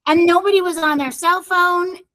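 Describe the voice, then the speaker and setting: A very high, steady voice, brisk and a bit bright, comes through a rough recording. The speaker, a middle-aged podcast co-host, chats casually and rambles cheerfully through her own story, repeatedly talking to her brother.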